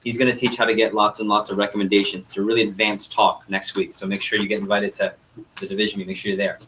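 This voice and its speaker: A young man running a sales training workshop, coaching a group and acting out customer dialogue in an energetic way. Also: lowish voice, fast, a little hiss or hum, low-quality recording. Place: meeting room with group.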